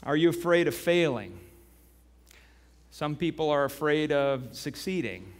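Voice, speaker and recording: A man preaching a sermon as pastor. He tells a story with animation and then turns quiet and earnest. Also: on the high side, animated, a little slow. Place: church sanctuary. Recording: long reverb of a church hall.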